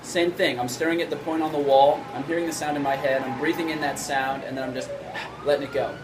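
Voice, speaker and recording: A man teaching trumpet basics in a video lesson, explaining in a relaxed way and often checking in with "right?". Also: fairly high pitch, fast, very noisy.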